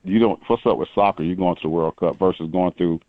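Very deep-voiced man, emphatic banter. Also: fast talker, no echo, narrow, tinny audio. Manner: emphatic, stresses the last word of his sentences. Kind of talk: bantering radio talk.

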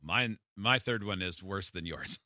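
A man hosting a radio talk show, animated and joking, into a studio microphone. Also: low voice, unhurried, no room sound. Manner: animated, joking, laughs easily. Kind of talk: casual banter.

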